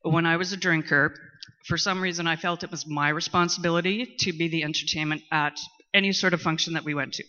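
A middle-aged woman, speaking candidly in a personal testimony at a recovery meeting, talkative and at times loud and boisterous. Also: sits low, steady tone, fairly quick. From Canada. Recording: muffled lo-fi recording.

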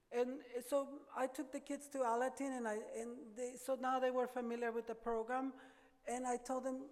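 An older woman giving an earnest, halting personal testimony at a recovery meeting, often repeating words as she gathers her thoughts. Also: fairly high pitch, little pitch movement, a little mellow. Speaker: speaker sharing her recovery story. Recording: reverberant hall.

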